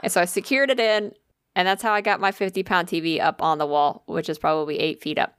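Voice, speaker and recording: A woman telling a story in casual chat, animated and profane, acting out what people said. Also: fairly low pitch, fast talker, clean tone, dry recording, clean studio sound.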